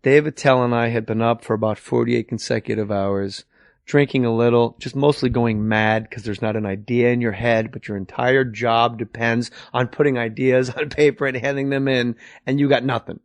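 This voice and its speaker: A middle-aged man hosting a podcast, telling comic stories in an animated way and acting out other people's voices. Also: medium pitch, moderate pace, no room sound. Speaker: podcast host. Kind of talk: comic storytelling.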